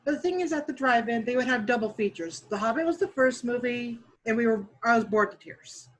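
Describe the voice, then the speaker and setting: Female podcast guest; slightly high-pitched, candid and wry, easy casual delivery. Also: lively intonation, brisk, low-quality recording. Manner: candid, dry, chuckling. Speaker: podcast guest, dungeon master. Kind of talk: casual interview chat.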